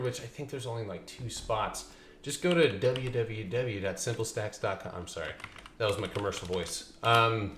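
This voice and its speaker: A man's voice: mid-range voice, fairly bright tone. A man hosting a stock trading livestream, chatting loosely with viewers, joking and swearing as he walks through charts. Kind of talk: casual market commentary. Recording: echoey room with faint ambient noise.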